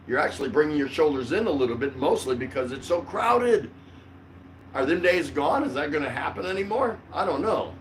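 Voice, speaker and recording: A man's voice: a little high, very animated, brisk. A middle-aged man hosting a casual livestream chat from his couch, rambling with lots of fillers and frequent laughs. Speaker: vlogger host. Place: home, on the couch. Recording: distant mic with faint room noise.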